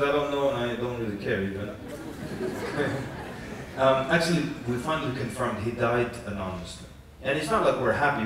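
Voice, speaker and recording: A man preaching at a youth conference, telling lively stories with jokes and acting out quotes. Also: medium pitch, slight background noise. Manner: animated storytelling with jokes and acted quotes. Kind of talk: conference lecture. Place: large conference hall. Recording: echoey hall from far off.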